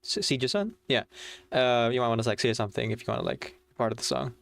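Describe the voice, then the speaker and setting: A man with a smooth, resonant voice chatting loosely on a game stream. He rambles along easily, sprinkling his talk with fillers as he talks to his viewers. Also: medium pitch, flat delivery, fast talker. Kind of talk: casual livestream chat.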